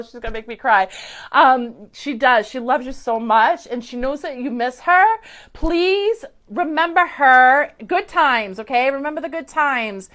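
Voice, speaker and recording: A woman's voice: fairly high pitch, a bit bright. A woman psychic medium giving effusive live-stream readings to viewers, chatty and gushing with many fillers, into a webcam or phone mic.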